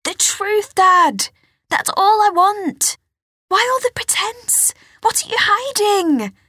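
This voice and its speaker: A woman voicing a defiant fifteen-year-old girl who demands the truth, pitched high and pleading. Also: lively intonation, slow pace, bright, forceful tone, dry recording, studio quality, exaggerated voice. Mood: pleading, shrill.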